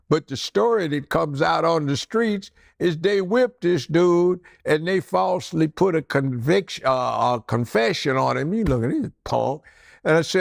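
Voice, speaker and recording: An older man, a former judge, telling courtroom stories in an animated way and acting out the people in them. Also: on the high side, a little slow, vocal fry, no room sound, clean studio sound. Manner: animated, acts out characters in his stories. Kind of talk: storytelling anecdote.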